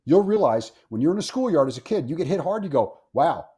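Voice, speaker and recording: A man's voice: on the high side, very animated, quick pace, warm tone, breathy edge. A man speaking as a guest on a podcast interview, blunt and opinionated, swearing freely and often repeating himself. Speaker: firearms instructor, guest.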